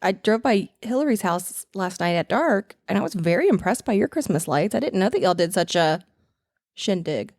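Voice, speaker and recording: A woman co-hosts a casual podcast in a voice of middle pitch. She mostly asks curious questions and reacts, recorded close on a dry mic. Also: sing-song, normal speed, a little mellow, no room sound. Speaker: podcast co-host. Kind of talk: casual chat.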